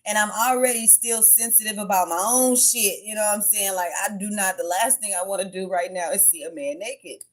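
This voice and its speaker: A woman's voice: mid-range voice, fairly quick, few pauses. A woman hosting her tarot channel, chatting casually on a livestream and telling a story in frank, profane speech.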